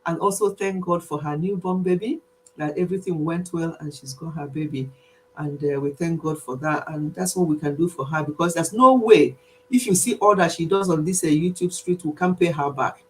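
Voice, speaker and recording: Animated Nigerian woman chatting on a live stream. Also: deep voice, moderate pace, slight background noise. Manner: animated and emphatic, repeats herself, laughs often. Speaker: YouTube channel host.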